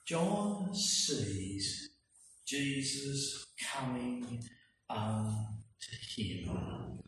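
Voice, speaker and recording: A man preaching a sermon, emphatic and full of rhetorical questions, with slow, stressed phrases. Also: medium pitch, animated, a bit bright, soft background music. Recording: echoey hall from far off, faint noise.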